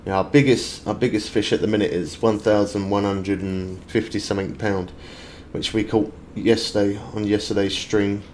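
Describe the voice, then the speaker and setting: A man's voice: on the low side, steady tone, normal speed, few pauses, a little mellow, a little hiss or hum. A British man from the UK streaming a fishing game, chatting casually and answering viewer comments as he plays. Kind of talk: casual live-stream chat.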